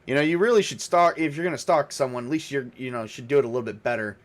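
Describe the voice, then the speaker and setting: A man's voice: mid-range voice, quick pace, lightly acted. A man voicing a smug woman survivor mocking a captured stalker.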